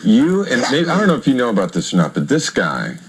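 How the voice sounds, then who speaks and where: Brief: man radio interviewer, husky, lively swooping pitch, teasing. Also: fast. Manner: teasing, wisecracking. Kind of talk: casual interview. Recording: vintage interview record.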